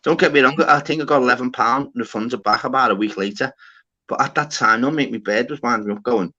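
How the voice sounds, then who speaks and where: A man hosting a livestream, telling an animated story in casual chat, swearing often and calling people lad and mate. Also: mid-range voice, fast. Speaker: livestream host. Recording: dull lo-fi sound.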